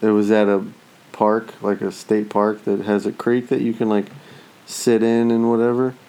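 A man in his thirties tells stories in casual conversation, his lowish voice at a moderate pace on a low-quality recording. His storytelling is animated and profane, heavy on swearing, with acted-out quotes and voiced asides.

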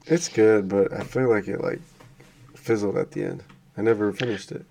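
A man in relaxed, easygoing casual chat with a friend, dry in his remarks. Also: fairly low pitch, normal speed, vocal fry, a little hiss or hum.

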